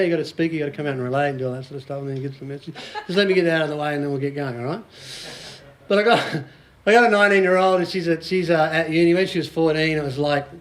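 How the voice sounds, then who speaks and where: An Australian man in his forties, a business coach giving a casual, joking seminar talk to a small group and quizzing the audience. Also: a little high.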